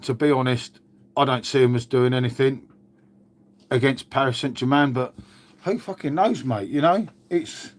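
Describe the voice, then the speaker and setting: A man's voice: mid-range voice, normal speed. A man chatting casually on a live stream, rambling and laid-back, swearing freely and calling everyone mate. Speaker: livestreamer answering chat.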